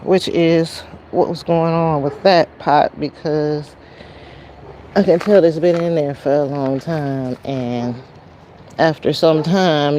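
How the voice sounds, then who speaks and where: Woman host on a garden livestream, slow, mellow, faint traffic behind. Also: low-pitched. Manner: chatty, greets viewers by name, says y'all. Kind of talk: casual live-stream chat while potting. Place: outdoor garden near a road.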